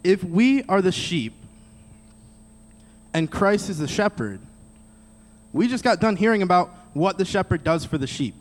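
A man's voice: high-pitched, sing-song, measured pace, long pauses. A man preaching a sermon in a direct, conversational way, speaking straight to the audience. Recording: long reverb of a large hall.

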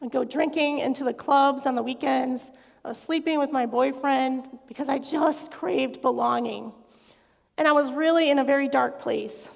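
A woman's voice: sits high, fairly even intonation, moderate pace, gravelly. A middle-aged woman giving an earnest, confessional personal faith testimony as a guest speaker in a large hall. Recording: echoey hall reverb.

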